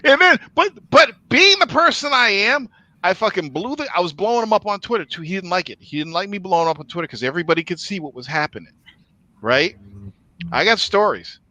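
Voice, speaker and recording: Man, podcast host, profane storyteller, high voice, swooping intonation. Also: animated, fairly quick, pushed and bright, dry recording, poor audio. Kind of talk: casual podcast chat.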